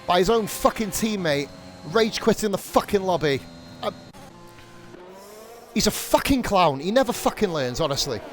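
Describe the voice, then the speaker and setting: Excitable high-voiced man commentating races. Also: slight background noise. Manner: excitable, rambling, swears freely and goes off on rants. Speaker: league streamer and race commentator. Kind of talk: live sim-racing commentary.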